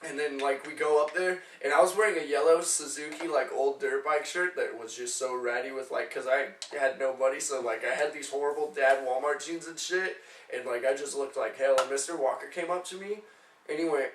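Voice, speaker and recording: A man's voice: medium pitch, brisk, a little hiss or hum. A young man co-hosting a casual podcast, telling rambling, profane stories and acting out the people in them. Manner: profane, animated storyteller acting out quotes. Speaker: podcast co-host. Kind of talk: casual chat, storytelling. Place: room shared on a couch. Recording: echoey room, far from the mic.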